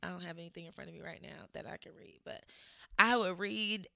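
A woman's voice: fairly low pitch, fairly even intonation, fairly quick, vocal fry, sharp tone, dry recording, studio quality. A young woman with a slight Southern drawl, talking to her viewers in a chatty, reflective way, with lots of fillers. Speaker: vlogger. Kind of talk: casual reflective talk to camera.

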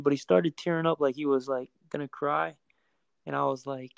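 A man telling his own story in a casual chat, earnest and calm, often repeating words as he goes. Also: fairly high pitch, brisk, vocal fry, dry recording.

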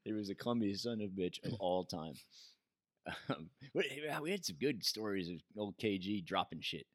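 A man's voice: on the low side, expressive, moderate pace, dry recording, studio quality. A middle-aged American man co-hosting a casual chat, laughing often, swearing freely and restarting his sentences. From United States. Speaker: podcast co-host.

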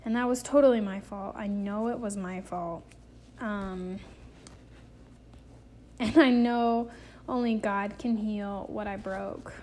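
A woman's voice: medium pitch, fairly even intonation, takes it slowly, pauses often, a little mellow. A woman hosting a devotional podcast, talking earnestly in a preacherly way with lots of repetition, emotional and close to tears. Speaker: podcast host.

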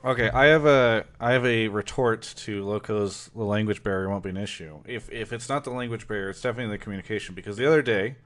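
Animated storytelling male podcast host. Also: lowish voice, fast talker, few pauses. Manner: animated storytelling, swears casually. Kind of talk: casual chat.

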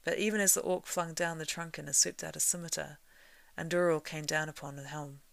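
Low, gravelly woman reading a story. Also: a little fast, no echo. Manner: steady storytelling, swells louder in action passages. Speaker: reader. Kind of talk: reading a novel aloud.

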